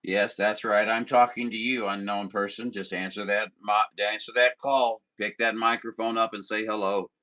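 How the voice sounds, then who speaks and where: A man from southern Missouri chats over a sideband radio in a low voice with a bright, forward edge. He talks in a folksy, easygoing way, apologizing often and filling pauses with plenty of ums and uhs. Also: steady tone, poor audio. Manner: folksy and apologetic, with many fillers. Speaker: CB radio operator. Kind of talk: casual radio chat.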